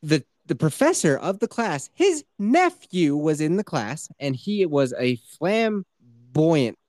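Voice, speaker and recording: A man's voice: on the high side, big pitch swings, slow, darkish tone, no echo, studio quality. Crude, joking podcast host, man. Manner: crude joking, self-mocking. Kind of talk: casual podcast chat.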